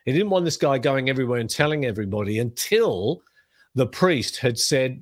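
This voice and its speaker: A man's voice: mid-range voice, fairly quick, no room sound. Middle-aged man teaching the Bible, dry sound. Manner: lively storytelling, reads scripture aloud.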